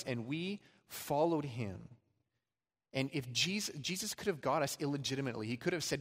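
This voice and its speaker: Male pastor preaching with emphatic rises and quiet drops; medium pitch; echoing hall sound. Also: animated, a little fast. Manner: emphatic preaching, swings between loud and soft. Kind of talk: sermon. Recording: long hall reverb.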